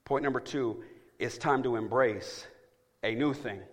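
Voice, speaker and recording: A man's voice: mid-range voice, measured pace. A man preaching a sermon as pastor, emphatic and calling out to his congregation for responses. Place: church.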